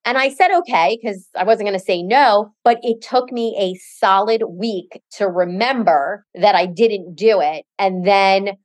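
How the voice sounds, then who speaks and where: A woman's voice: mid-range voice, a little slow, few pauses. A middle-aged woman co-hosting a casual podcast, a chatty, self-mocking storyteller who acts out dialogue. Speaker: podcast co-host.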